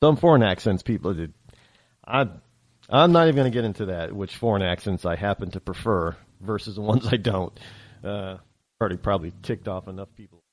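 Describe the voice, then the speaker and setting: A man's voice: lowish voice, fairly quick, dry recording. A man from upstate New York with a faint local accent, hosting a talk show and giving his opinions in a rambling monologue. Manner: rambling, restarts often, mimics accents. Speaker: radio show host.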